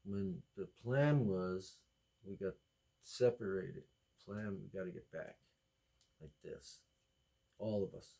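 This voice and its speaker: A man with a fairly low voice rambles through a comedy monologue. He talks with excitable energy and jumps from one tangent to the next. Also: slow pace, gravelly, long pauses. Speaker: podcast host.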